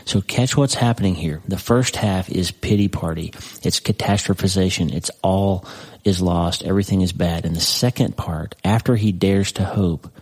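A man's voice: deep voice, normal speed, darkish tone, husky. A man preaching a sermon, reading scripture aloud and commenting on it conversationally, with emphatic repetition. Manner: emphatic, repeats phrases for effect. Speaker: pastor.

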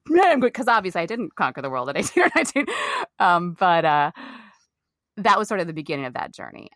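A middle-aged woman from the Midwest, an actor telling candid stories in an interview, animated and emphatic, swearing freely. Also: fairly low pitch, dry recording, clean studio sound. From American Midwest.

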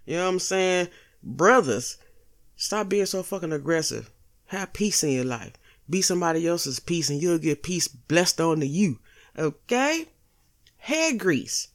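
A woman's voice: on the low side, lively intonation, moderate pace. A woman hosting a casual solo podcast, blunt and profane, joking with slang and laughing at her own lines. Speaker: podcast host.

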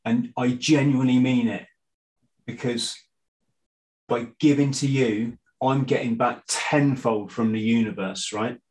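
A middle-aged man, a guest in a casual conversation, talking in a halting way with frequent restarts and fillers. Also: medium pitch, steady tone, a little mellow, poor audio. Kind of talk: casual conspiracy chat.

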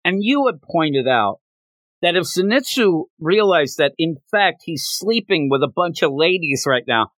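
A man co-hosting a podcast in a casual talk about a manga chapter, retelling scenes with lively jumps in his voice. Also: a little slow, no room sound. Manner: animated retelling with big pitch jumps. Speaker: podcast co-host.

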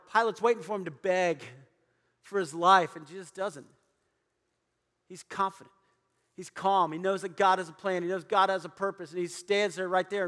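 A man's voice: high-pitched, sharp tone, long reverb tail. A man preaching a sermon in a church, dramatically acting out the voices of biblical figures. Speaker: pastor. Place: church auditorium.

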